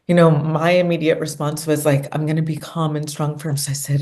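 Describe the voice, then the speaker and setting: A woman's voice: deep voice, level tone, normal speed, few pauses, warm tone. A middle-aged woman recounting a personal experience in an earnest, emotional way as an interview guest. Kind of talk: conversational interview storytelling.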